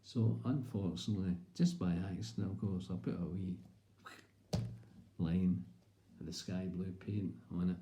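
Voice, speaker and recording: A man's voice: deep voice, a little slow, noisy background. A man with a Scottish accent, telling a comic story in a rambling, chatty way. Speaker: comedian. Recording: roomy echo.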